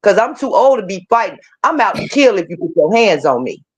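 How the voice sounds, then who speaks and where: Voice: medium pitch, very animated, a little fast, breathy edge. A co-host in a casual talk, speaking frankly and emphatically, with a lot of swearing. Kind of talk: casual chat.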